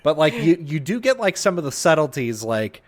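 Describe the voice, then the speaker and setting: A man co-hosting a podcast in casual chat, animated and quick to laugh, full of fillers and restarts. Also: fairly high pitch. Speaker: podcast co-host.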